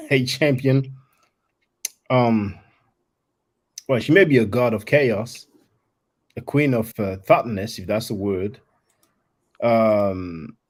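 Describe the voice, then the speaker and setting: Husky-voiced guy running a live stream, blunt and mocking, mid pitch. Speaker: livestream host. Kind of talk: live stream talk with guests.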